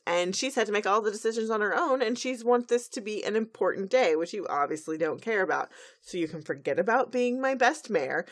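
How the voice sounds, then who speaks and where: A woman's voice: medium pitch, natural voice. A woman voicing an indignant young male pony who scolds his sister.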